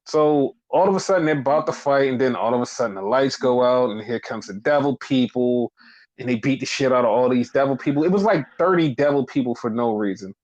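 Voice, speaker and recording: A man hosting a podcast, casually recapping wrestling in a profane, animated way and acting out what people said. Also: medium pitch, brisk, dull audio. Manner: animated, profane, acts out quoted lines. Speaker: podcast host.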